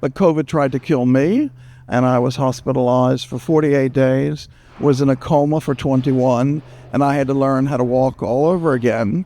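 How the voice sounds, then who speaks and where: A man from the United States moderating a panel, talking quickly and jokingly into a handheld microphone. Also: medium pitch. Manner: animated, jokey, fast-talking. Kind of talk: lively panel talk. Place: screening event room.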